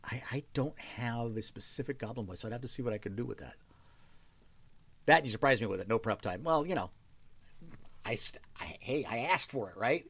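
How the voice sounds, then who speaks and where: Gravelly, chatty livestream host. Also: male voice, mid-range voice, lively intonation, a little fast, fairly bright tone. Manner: chatty, thinks aloud, thanks viewers often. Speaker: livestream host reading requests aloud. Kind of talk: casual livestream chat.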